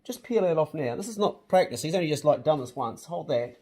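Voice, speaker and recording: A man's voice: fairly high pitch, lively intonation, brisk, a little mellow. A man with a New Zealand accent, chatting casually and jokily as host of his home vlog. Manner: easygoing, jokey, matey slang. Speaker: channel host.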